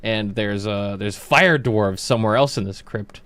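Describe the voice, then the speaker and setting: A man's voice: fairly low pitch, a little slow, fairly bright tone, no room sound. A man casually chatting on his livestream while gaming, rambling with plenty of fillers, restarts and swearing.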